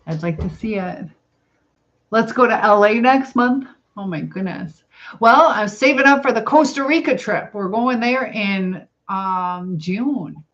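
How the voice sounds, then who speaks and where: A woman's voice: mid-range voice, a little slow, fairly bright tone. A middle-aged woman with a Southern US accent, hosting a casual cooking livestream, rambling and reading viewer comments aloud. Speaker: livestream host. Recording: dull lo-fi livestream audio.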